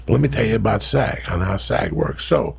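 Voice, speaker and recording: A man's voice: on the low side, lively intonation, fairly quick, creaky, breathy edge. A man telling crude comic stories in a profane rant, jumping into other people's voices. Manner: profane, ranting, jumps into voices.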